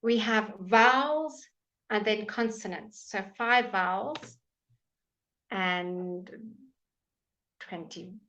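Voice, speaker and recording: A woman's voice: mid-range voice, drawn-out words, long pauses, a bit bright. A woman with an English accent teaching pronunciation in a live online lesson, patiently drawing out example words for learners to repeat. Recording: dull lo-fi stream audio.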